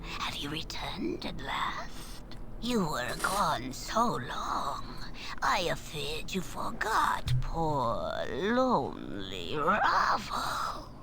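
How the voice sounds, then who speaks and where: Ravel, a creaky crooning old hag. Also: female voice, low voice, wildly swooping pitch, noisy background, exaggerated voice. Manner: drawn-out, crooning, breathy half-whispers. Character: ancient crooning female night hag, eerie. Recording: game audio with music underneath.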